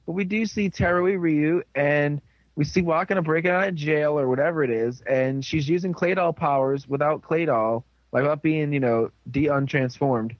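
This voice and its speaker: Speaking at a moderate pace in a voice on the high side, a man casually chats his way through a TV episode recap, rambling and slipping into the characters' lines. The recording is dry, with the highs cut off.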